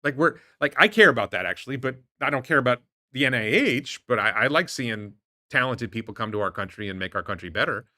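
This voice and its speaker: This is the host of an investing show, streaming live from his home in Thailand with a mid-range voice that's animated, fast, bright and forceful. While handling chat, he wanders through strong opinions and tosses out disbelieving rhetorical questions. There's no room sound, and the audio is studio quality.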